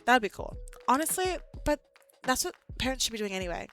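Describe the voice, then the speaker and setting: A young woman streams from her desk, venting animatedly about her classroom with an exasperated edge. Her voice is bright and fairly high, with soft music playing behind her. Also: quick pace. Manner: animated, exasperated ranting with laughs. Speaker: art teacher and streamer. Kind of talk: casual livestream chat.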